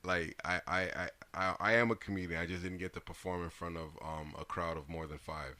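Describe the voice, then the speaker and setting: A man in his twenties, co-hosting a podcast in casual chat, loud and laughing as he tells stories. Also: low voice, a little fast, dry recording. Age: 20s. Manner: loud, laughing, animated storytelling. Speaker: podcast co-host.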